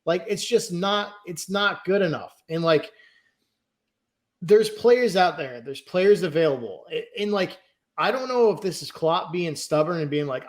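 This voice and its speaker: A man's voice: sits high, animated, unhurried. A man co-hosting a podcast who talks in a heated, frustrated rant and swears freely. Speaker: podcast co-host. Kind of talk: heated casual podcast chat.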